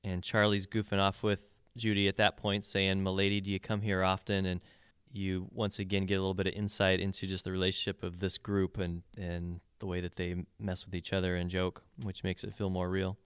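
A man with a low, clean voice talks through song lyrics in a casual podcast chat. He explains in detail and restarts his sentences often. The sound is close and dry, with no room echo. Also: level tone, fairly quick, a bit bright, smooth. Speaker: podcast co-host. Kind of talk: casual album discussion.

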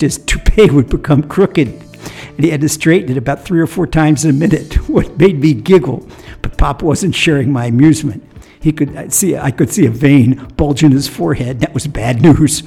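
A man's voice: fairly high pitch, moderate pace, vocal fry, dark tone, husky, soft background music. A man telling a folksy story that turns into a sermon, chuckling now and then as he goes. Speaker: storyteller and religious teacher.

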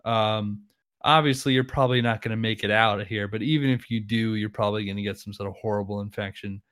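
A man's voice: fairly low pitch, steady tone, quick pace, fairly bright tone, smooth, dry recording, studio quality. A man casually discussing a horror film, retelling scenes with lots of fillers.

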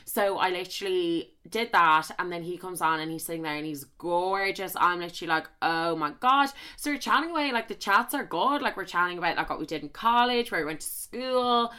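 A young Irish woman hosting a podcast, telling a story in a rambling, animated way full of swearing and asides, close on the mic. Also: on the low side, a little fast, hardly any pauses, clean tone. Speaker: podcast host. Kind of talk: casual storytelling chat. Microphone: close studio mic with popping.

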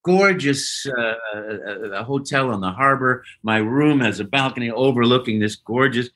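A man, a voice actor guest on an interview show, telling stories in an animated way with playful sound effects. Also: medium pitch, normal speed.

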